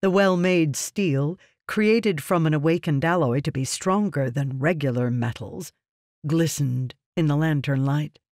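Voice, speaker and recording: A man narrating a fantasy novel in a steady, measured storytelling manner. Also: fairly high pitch. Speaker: audiobook narrator.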